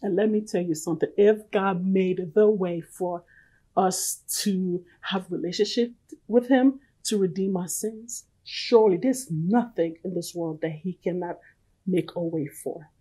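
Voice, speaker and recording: A woman preaching a sermon and giving a personal testimony, earnest and pleading, swinging from loud to soft. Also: lowish voice, unhurried, husky, low-quality recording.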